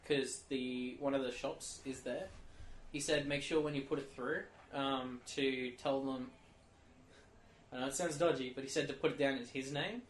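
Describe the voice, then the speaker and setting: Un joven australiano que cuenta anécdotas con energía en una charla informal de podcast, imitando a los empleados de una tienda. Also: male voice, mid-range voice, normal speed. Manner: animated storytelling, acts out shop clerks in quotes. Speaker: podcast co-host. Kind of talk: casual chat. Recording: echoey room with faint noise.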